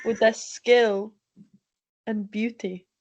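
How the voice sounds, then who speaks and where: A woman co-hosting a casual podcast, dry and sarcastic with a deadpan delivery. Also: a little high, slow. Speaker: podcast co-host. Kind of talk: casual chat.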